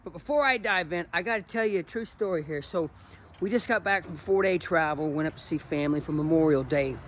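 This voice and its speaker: In his casual motivational vlog, this forty-something running coach rambles with enthusiasm and emotion. His voice runs on the high side and he speaks briskly, over slight background noise.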